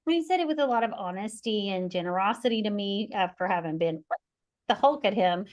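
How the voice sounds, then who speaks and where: A woman in her forties hosts a conversational podcast. She tells stories expressively, slipping into quoted voices of her family and herself. Her delivery is rambling and animated, with restarts and bursts of laughter along the way. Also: medium pitch, fairly quick. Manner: animated storyteller who acts out quoted voices. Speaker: podcast host.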